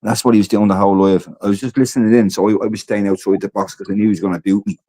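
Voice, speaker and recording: A man's voice: lowish voice, fairly even intonation, very fast, warm tone, dry recording. A man with an Irish accent co-hosting a podcast, chatting casually, often repeating himself and acting out what others said. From Ireland. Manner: conversational, repeats himself, acts out quoted lines. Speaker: podcast co-host. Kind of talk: casual chat.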